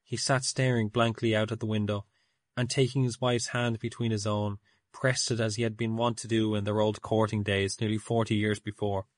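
Low-voiced male storyteller. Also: level tone, normal speed, no room sound, studio quality. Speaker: narrator. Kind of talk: audiobook story narration.

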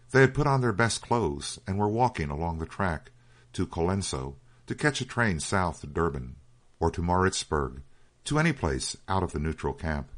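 A man with a very low voice reads a story aloud as an audiobook narrator. His delivery is measured and steady.

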